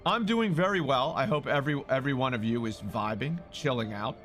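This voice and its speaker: A man live-streaming who talks loudly and excitably, swearing and greeting viewers in chat. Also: mid-range voice, fairly quick, soft background music.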